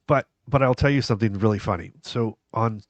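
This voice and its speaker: A man's voice: lowish voice, fairly quick, dry recording, muffled recording. A man co-hosting a podcast in casual chat, a rambling storyteller who laughs often. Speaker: podcast co-host. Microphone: headphones and studio mic.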